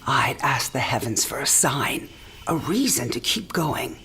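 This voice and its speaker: A dying mother in her sixties with a low, dusky voice. She talks in a breathy, half-whispered way, teasing and frank. This is a video game cinematic. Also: very animated, measured pace, bright, forceful tone, a little hiss or hum, full character voice. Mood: tender. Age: 60s.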